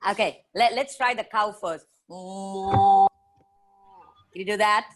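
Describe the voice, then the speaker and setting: A woman telling stories to children on a video call, playful and animated, full of sound effects. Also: mid-range voice, slow, noisy background. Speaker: children's storyteller and author. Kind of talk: live storytelling session for children.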